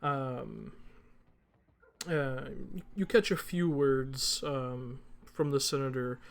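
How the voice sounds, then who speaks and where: A man's voice: mid-range voice, extremely slow, gravelly, smooth. A man narrating a tabletop game as game master, casual and hesitant, full of fillers.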